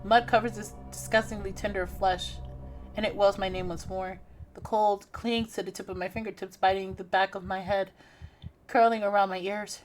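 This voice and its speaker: A young woman live-streaming a horror game, reading its text aloud and reacting with excitable shouts and laughs. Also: mid-range voice, moderate pace, faint music behind.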